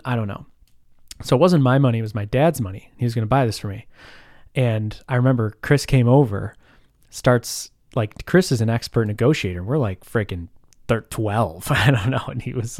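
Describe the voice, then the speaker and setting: A man in his thirties telling stories in a relaxed, rambling chat, full of fillers and quick laughs. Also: fairly low pitch, dry recording, clean studio sound. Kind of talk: casual storytelling chat.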